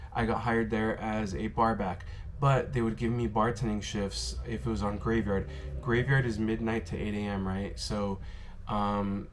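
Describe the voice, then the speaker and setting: A man with a fairly low voice tells stories straight to the camera in an easy, conversational way. He rambles, circles back, and leans on "um" and "you know" as he goes. The delivery is relaxed and unscripted. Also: slight background noise. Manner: rambling, filler-heavy, lots of "you know" and "um". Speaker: former bartender telling stories. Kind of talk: casual storytelling to camera. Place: worked in Las Vegas.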